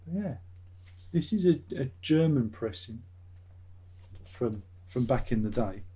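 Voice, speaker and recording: A man's voice: mid-range voice, expressive, unhurried, mellow, slightly rough. A man hosting his own vlog, chatting in a meandering way and swearing casually. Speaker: vlogger, channel host. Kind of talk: rambling casual chat.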